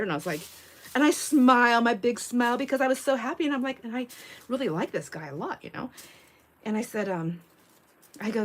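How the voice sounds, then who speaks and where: A woman's voice: on the high side, brisk. A middle-aged woman hosting a craft livestream who tells stories in a casual, chatty way, laughs often and acts out the quotes. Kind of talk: casual chat while crafting.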